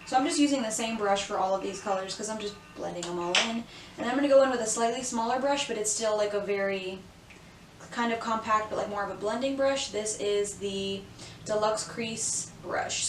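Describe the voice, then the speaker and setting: A chatty young woman rambles her way through a makeup tutorial, dropping "like" and "y'all" constantly. She sits a little back from the camera mic in a roomy space at home. Steady background noise hangs under her voice. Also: mid-range voice, recorded from a distance. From South Florida. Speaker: beauty vlogger. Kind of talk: casual makeup tutorial chat. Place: home room, indoors. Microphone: camera mic at a short distance.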